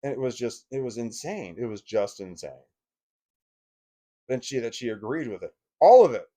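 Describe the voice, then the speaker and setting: A man's voice: medium pitch, animated, moderate pace, warm tone. A man telling a personal story in a vlog, emotional and blunt, swearing freely and often restarting his sentences. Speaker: vlogger.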